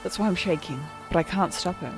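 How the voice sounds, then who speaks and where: A woman reading the lines of a frightened mother in a video game, speaking softly and shakily but with resolve. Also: on the low side, a little fast, over music, lightly acted. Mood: protective. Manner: soft, shaky, resolute. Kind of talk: reading game dialogue aloud.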